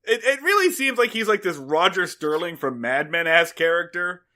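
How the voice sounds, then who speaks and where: Wry, bright-voiced male podcast co-host. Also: high-pitched, lively intonation, normal speed. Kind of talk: casual chat recapping a sitcom episode.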